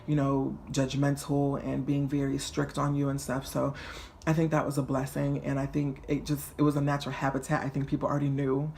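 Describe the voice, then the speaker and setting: A young man in his twenties tells a story straight to camera, chatty, flamboyant and animated. His voice sits in a middle range with a gravelly rasp, and faint background noise hangs underneath. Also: medium pitch, fairly quick. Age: 20s. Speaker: vlogger. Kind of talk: casual storytelling vlog.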